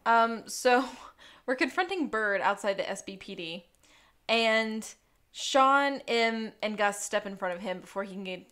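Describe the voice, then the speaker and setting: A woman's voice: medium pitch, measured pace. Laughing woman podcast co-host. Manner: animated, laughs often, acts out quotes. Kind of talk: casual recap chat.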